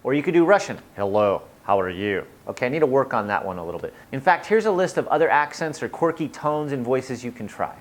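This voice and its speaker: Playful, lively-voiced tips host. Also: medium pitch, quick pace, few pauses. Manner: playful, jokey, energetic. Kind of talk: upbeat tips video.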